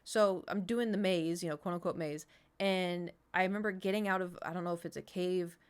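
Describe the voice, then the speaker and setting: A woman's voice: fairly low pitch, fairly even intonation, brisk, smooth. A woman in her thirties, streaming and chatting casually, rambling through an anecdote and answering chat as she goes.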